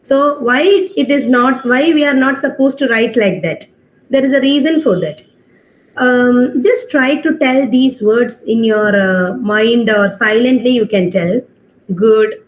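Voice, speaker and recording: A woman teaching an online English class, explaining step by step, checking with questions and mixing in Hindi phrases. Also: on the high side. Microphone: video call. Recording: dull online-class audio.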